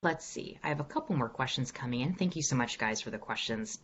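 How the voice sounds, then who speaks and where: A woman's voice: extremely low pitch, animated, quick pace, husky, muffled recording. A woman voice coach answering questions in an online workshop, upbeat and encouraging as she demonstrates exercises. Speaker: executive voice coach. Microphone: video call.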